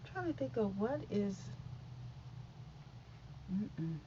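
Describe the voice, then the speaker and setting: A woman's voice: mid-range voice, big pitch swings, takes it slowly, heavy background noise. Chatty woman on a lo-fi mic. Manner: chatty, scattered, talks straight to viewers. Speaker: YouTube vlogger. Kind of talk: casual news recap vlog.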